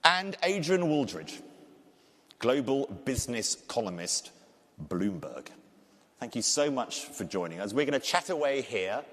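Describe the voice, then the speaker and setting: A man with a thick Scouse accent moderating a live panel discussion, joking and energetic. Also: medium pitch. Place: large conference hall. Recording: reverberant hall.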